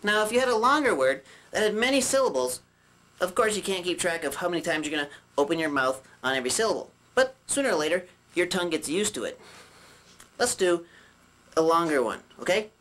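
Give me a chatty male puppet teaching a puppetry lesson, voiced by a man, with jokes and throat-clearing. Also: high-pitched, lively intonation, brisk, fairly bright tone. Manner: joking, rambling, clears throat often.

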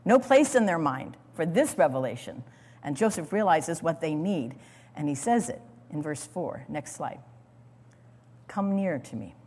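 A woman teaching a sermon on scripture, dramatic and expressive, acting out the lines she quotes and calling for the next slide. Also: low voice, moderate pace, slightly rough. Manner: speaks to an audience, calls for slides. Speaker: Bible teacher. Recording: long hall reverb.

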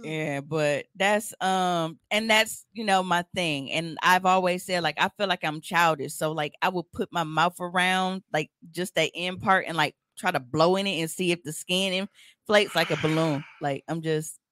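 A woman, co-hosting a podcast in blunt, animated, profane casual chat. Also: fairly low pitch, moderate pace, no room sound, clean studio sound. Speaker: podcast co-host.

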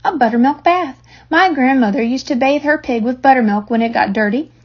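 A woman's voice: high voice, a little fast, slightly rough. A woman voicing a determined farm wife who speaks firmly, on a dull lo-fi recording. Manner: firm, matter-of-fact.

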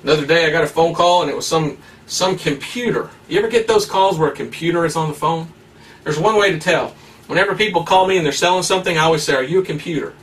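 A man's voice: fairly high pitch, fast, a bit bright, distant mic. A man preaching a sermon in a fiery, emphatic way, full of rhetorical questions.

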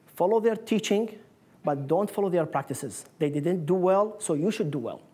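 A man's voice: high-pitched, expressive, normal speed, mellow, breathy edge. A man giving a public lecture with slides, explaining in earnest with non-native phrasing. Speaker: guest lecturer. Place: lecture room.

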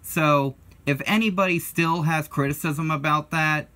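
A man's voice: a little high, steady tone, a little slow, pushed and bright. A man in his twenties with an American accent hosts his own video, talking casually in a blunt, defensive way and correcting himself in asides. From United States. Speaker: channel host.

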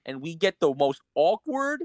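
A man with a slightly high voice co-hosts a casual podcast. He rants bluntly and swears freely. The dry, close recording has no room sound. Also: very animated, moderate pace, no room sound. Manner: blunt, ranting, profane. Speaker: podcast co-host. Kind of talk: casual wrestling podcast chat.

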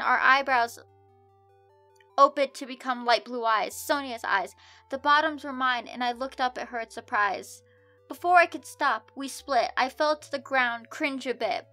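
Bright-voiced woman reading fan fiction aloud. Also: high voice. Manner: exasperated, breaks off to shout in disbelief. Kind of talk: comedic dramatic reading with commentary. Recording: soft music bed underneath.

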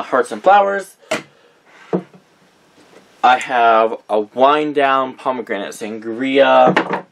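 Young male vlogger, unhurried and rambling, stops often to correct himself, faint hiss behind. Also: medium pitch. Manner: rambling, reads out names with frequent self-corrections. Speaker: vlogger showing a candle collection. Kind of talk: casual chat.

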